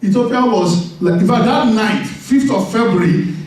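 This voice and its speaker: A high-pitched man preaches with animated energy, laughing often and calling out for responses from the congregation. His voice sounds set back from the mic, ringing through a very echoey church hall. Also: moderate pace, far from the mic. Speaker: pastor. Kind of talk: sermon.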